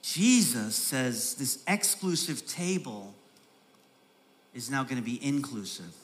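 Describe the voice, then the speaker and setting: A man with an animated, mid-range voice preaches a sermon as a pastor. He repeats phrases for emphasis, building from soft, slow stresses to a raised, urgent delivery.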